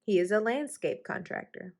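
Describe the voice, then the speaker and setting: A woman reads a children's picture book aloud at a storytime session. Her voice sits at a middle pitch and stays steady through the narration. She lifts it brightly whenever a character speaks. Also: normal speed. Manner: expressive, lifts her voice high for the characters' lines. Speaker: storytime reader.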